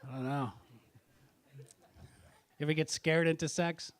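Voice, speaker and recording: A middle-aged man on a comedy club stage talks slowly in a slightly high voice with fairly even intonation. His set is brash and profane, and he teases audience members in between jokes.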